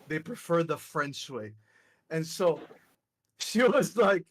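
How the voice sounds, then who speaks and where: A young man with a notably high, bright voice chats on a stream with his friends. He tells stories loudly, laughs often and swears freely. His talk is casual and fast. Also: animated. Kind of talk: casual chat.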